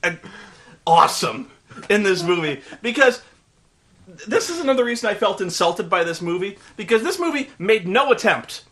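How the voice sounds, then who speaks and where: A man rants through a casual movie review with animated, profane sarcasm. His voice sits high and sounds bright and sharp. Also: moderate pace. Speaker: co-host.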